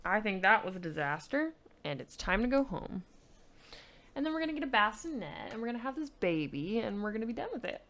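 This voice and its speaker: A woman's voice: mid-range voice, very animated, brisk, a bit bright. A young woman giving casual let's play commentary, playfully bossing around the characters in her game. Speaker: gaming YouTuber.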